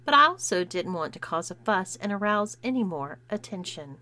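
A woman's voice: fairly low pitch, lively intonation, normal speed, hardly any pauses, pushed and bright. A woman narrating a first-person story and voicing its dialogue herself. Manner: acts out dialogue with shifting voices.

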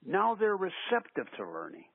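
Husky older man, lively phone-line storytelling. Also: high voice, normal speed. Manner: animated storyteller acting out quotes. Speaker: basketball coach, interview guest. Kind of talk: storytelling in a radio interview. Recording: tinny phone-line sound.

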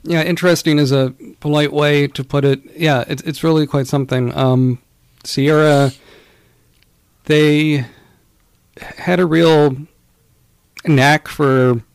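A man's voice: fairly high pitch, steady tone, takes it slowly, pauses often, smooth, dry recording. A man co-hosting a casual podcast chat about retro video games, rambling along with lots of fillers and restarts. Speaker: podcast co-host.

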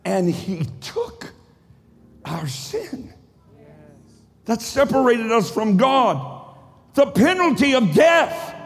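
A male pastor preaching a sermon in a rhythmic, cadenced style that swells into shouts. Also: very high-pitched, long reverb tail. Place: church sanctuary.

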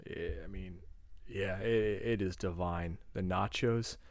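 A man's voice: sits low, steady tone, slow pace, gravelly, dry recording. A man co-hosting a podcast, chatting casually about food and often searching for words with fillers and restarts. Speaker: podcast co-host.

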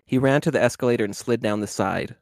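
A man reads a kids' picture book aloud at a steady clip, now and then tripping over a word and going back. His voice is dry and close, with no room sound at all. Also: medium pitch, fast talker, vocal fry, dry recording. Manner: steady reading with small slips and restarts. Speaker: podcast co-host. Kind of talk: dramatic reading of a children's book.

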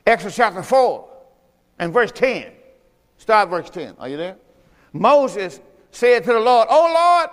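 High-voiced preacher shouting in a hall. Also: male voice, expressive, a little slow, pauses often. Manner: calls on the congregation to respond; shouting with emphasis. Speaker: pastor. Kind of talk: sermon. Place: church sanctuary. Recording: echoey church hall with music.

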